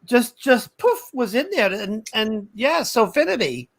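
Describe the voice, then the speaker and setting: A woman's voice: a little high, very animated, rough recording. A woman co-hosting a casual podcast chat, speaking thoughtfully and repeating words as she gathers her thoughts. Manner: slow, thoughtful, stumbles over repeated words. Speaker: podcast co-host.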